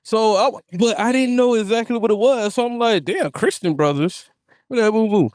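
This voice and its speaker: A man's voice: high voice, fairly even intonation, fast, darkish tone, no echo, clean studio sound. A man hosting a casual podcast, telling stories in loose slang and laughing often. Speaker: podcast host. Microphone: studio podcast mic.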